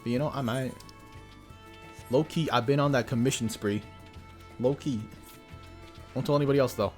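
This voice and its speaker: A man's voice: medium pitch, moderate pace, faint music behind. Joking young male game streamer. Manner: joking, laughs often, slangy. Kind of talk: casual gaming commentary.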